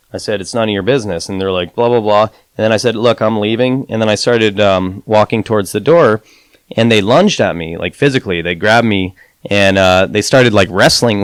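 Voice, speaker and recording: A man with a fairly low voice tells a rambling story on a podcast, padding it with fillers and "you know". He raises his voice to act out the lines he quotes. The sound is close and dry, with no room around it. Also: clean tone, no room sound. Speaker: podcast guest, advantage gambler. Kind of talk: casual storytelling interview.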